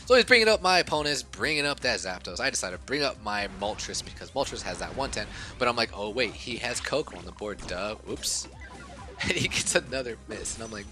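A man giving casual commentary over a game he recorded, muttering at times and then bursting out loud, and a little short of breath. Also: mid-range voice, a little fast, faint music behind. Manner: excitable, swings from mumbling to outbursts. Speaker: gaming YouTuber.

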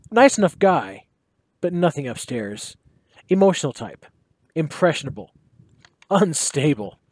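A man, a teacher, reading a short story aloud in his basement, in a relaxed and lively way with dry humor. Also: on the high side, no echo. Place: home basement.

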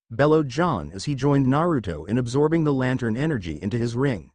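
Man narrating a fan story, expressive. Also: medium pitch, normal speed, hardly any pauses, dry recording.

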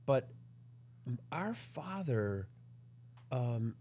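A middle-aged man, a former pitcher, chatting in an interview, rambling and friendly with frequent restarts. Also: big pitch swings, very slow, warm tone. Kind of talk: casual interview chat.

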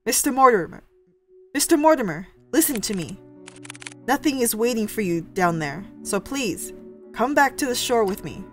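A woman voicing a weary older man pleading gently. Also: fairly high pitch, animated, normal speed, soft background music.

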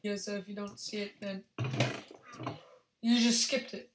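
Excitable young woman, echoey room. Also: mid-range voice, a little slow. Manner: excitable, restarts often, yells at opponents. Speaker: gaming channel host. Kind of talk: casual gameplay commentary. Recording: echoey room with faint background hiss.

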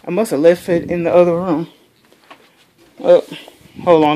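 A young woman vlogger gushing excitedly in casual chat, saying y'all a lot. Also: fairly low pitch, moderate pace, long pauses.

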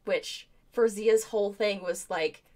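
A woman's voice: mid-range voice, measured pace, a little mellow. A woman co-hosting a live stream, chatting casually and rambling with many fillers. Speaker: co-host. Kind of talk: casual chat.

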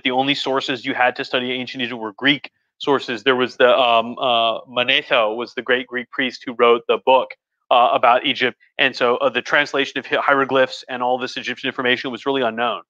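A slightly tipsy history professor live-streams from his home living room, which has a couch, giving a casual, rambling lecture-chat full of fillers, restarts and jokey asides. His mid-range voice is bright and forceful, delivered flatly and fast. The recording is dry, with dull lo-fi stream audio.

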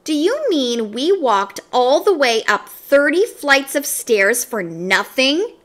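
A woman reading a storybook aloud, voicing a pair of clueless masked robbers who loudly demand money. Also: sits high, very animated, slow pace, voice pushed up, heavily acted. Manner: demanding, baffled.

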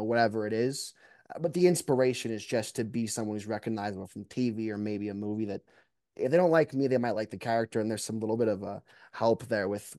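A young man chatting casually as a podcast guest, relaxed and self-deprecating. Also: fairly low pitch, no echo, studio quality. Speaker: guest, mock trial competitor.

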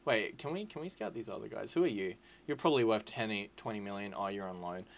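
A young man rambles through casual commentary over his gameplay. He is rowdy and sweary, jumping between excitable shouting and low muttering. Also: fast, creaky, a little hiss or hum. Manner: rowdy, sweary and excitable, swinging to loud whining outbursts. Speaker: gaming YouTuber. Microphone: desk mic with webcam.

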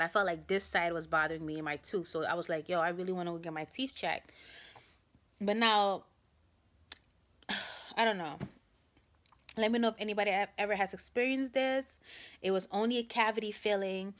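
A woman's voice: mid-range voice, a bit bright. A young woman vlogging to camera, telling a rambling story and speaking with a sore jaw that makes talking hard. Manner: chatty, rambling, addresses viewers as guys. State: sore jaw, trouble opening mouth.

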